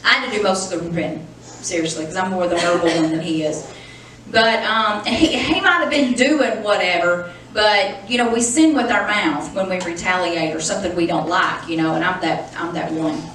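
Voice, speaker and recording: A woman's voice: lowish voice, moderate pace, a bit bright, slight background noise. A middle-aged woman, telling stories and teaching in a chatty sermon style, often laughing. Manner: chatty, storytelling, laughs often, addresses the congregation as y'all. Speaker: pastor's wife teaching on marriage. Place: church hall. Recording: echoey hall, distant mic.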